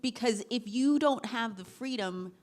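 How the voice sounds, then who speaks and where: Animated woman giving career advice. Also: fairly high pitch, unhurried. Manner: animated, laughing asides, acts out quoted dialogue. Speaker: panelist. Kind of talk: panel discussion advice.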